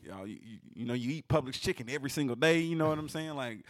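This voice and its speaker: A man with a mid-range voice tells a story in casual chat, lively and freely swearing. The sound is dry and close, with no room around it. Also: medium pitch, fast talker, dry recording.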